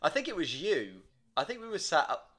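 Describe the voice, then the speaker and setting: A man's voice: fairly high pitch, very animated, fairly quick, a bit bright. A young man, co-hosting a casual comedy chat with lots of swearing and teasing. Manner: swearing, teasing, game-show banter. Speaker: podcast co-host.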